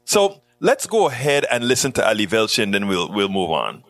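A man hosting a talk show, speaking in an animated, preachy way and often repeating his words. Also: fairly low pitch, fairly quick, dry recording, soft background music. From West Indian roots. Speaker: show host. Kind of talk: casual chat.

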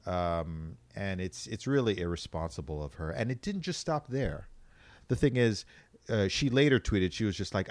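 Low, dry-voiced man chatting. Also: normal speed, no room sound. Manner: rambling, animated storytelling with frequent restarts. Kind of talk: casual chat.

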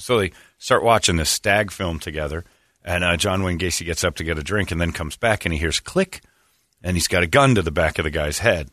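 Forceful-voiced storytelling man. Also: fairly quick, no echo, clean studio sound. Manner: animated, jumps into high mocking shouts. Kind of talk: comedic storytelling.

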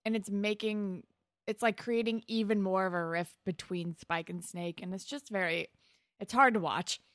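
A woman's voice: mid-range voice, moderate pace, dry recording, studio quality. A young woman chatting casually as a podcast co-host, retelling a TV episode's plot and acting out the characters' lines. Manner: chatty plot retelling, acts out quotes, laughs often. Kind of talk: casual TV recap chat.

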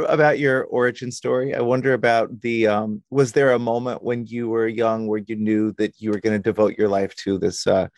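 A man's voice: lowish voice, a little mellow, no room sound, clean studio sound. A male podcast host asking curious, rambling questions in casual interview chat.

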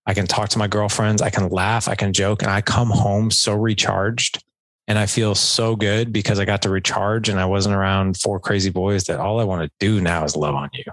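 A man with a fairly low voice talks through relationship advice as a podcast guest, loose and conversational, often slipping into quick acted-out lines of dialogue. The recording is dry and close, with no room sound around him. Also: steady tone, fairly bright tone, dry recording. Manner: conversational, filler-heavy, acts out quoted dialogue. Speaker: podcast guest, men's coach.

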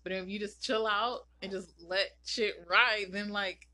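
A woman's voice: medium pitch, steady tone, unhurried, background noise. A woman co-hosting a casual podcast who talks bluntly, teases and laughs often. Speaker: podcast co-host.

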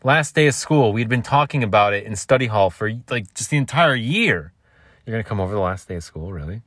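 A man's voice: fairly low pitch, lively intonation, brisk, fairly bright tone, no echo, studio quality. A man in his thirties hosting a solo podcast, telling a rambling, self-mocking story with casual swearing. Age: 30s. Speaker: podcast host.

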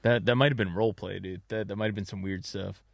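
A man's voice: fairly low pitch, steady tone, fast talker, gravelly, no echo, clean studio sound. A man on a podcast who talks in a joking, teasing way. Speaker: podcast guest. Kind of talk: casual chat.

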